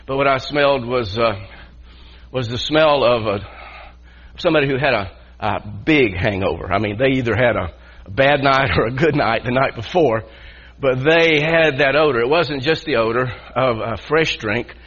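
A man's voice: mid-range voice, moderate pace, fairly bright tone, slightly rough. A male pastor telling a personal story in a sermon, earnest and repeating himself as he builds his point. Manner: earnest storytelling with frequent restarts. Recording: muffled lo-fi sound.

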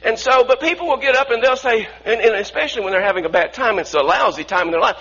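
A man's voice: very high voice, animated, fast talker, few pauses, sharp tone, breathy edge, highs cut off. A man preaching a sermon earnestly, often restarting phrases and asking the congregation to repeat lines after him.

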